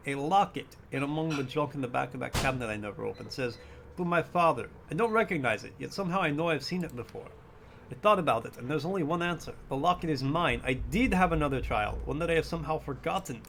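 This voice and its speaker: A man voicing a bitter, grieving middle-aged father who drinks too much, gruff and self-pitying. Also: on the high side, animated, fast, a bit bright, a little hiss or hum. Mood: bitter weary.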